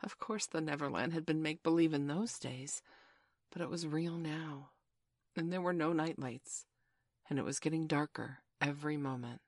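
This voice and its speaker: A woman narrating a children's storybook in a gentle, measured way. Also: deep voice, no echo, studio quality.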